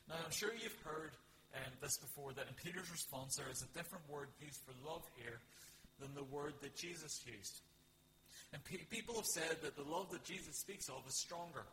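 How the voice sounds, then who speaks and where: A man's voice: fairly high pitch, moderate pace, pushed and bright. A man preaching a sermon, earnest and reflective, with rhetorical questions and dramatic readings of scripture. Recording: long hall reverb with faint hum.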